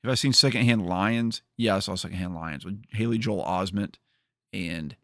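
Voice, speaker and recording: A man's voice: on the low side, normal speed, dry recording, clean studio sound. A man hosting a livestream, chatting casually and rambling with jokes to his viewers. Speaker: streamer host.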